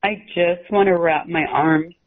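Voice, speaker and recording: Woman phone-in caller; hesitant and emotional, low pitch, thin telephone sound. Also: steady tone. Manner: halting, tearful, hesitant. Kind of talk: call-in conversation. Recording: tinny phone line.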